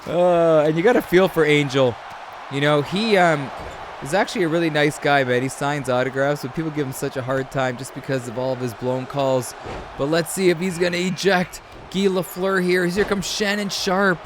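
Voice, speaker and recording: A man with a slightly higher voice commentates a video game match in a chatty, storytelling way. He breaks into animated shouts now and then. A faint room noise sits under the voice. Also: normal speed. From Canada. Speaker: host.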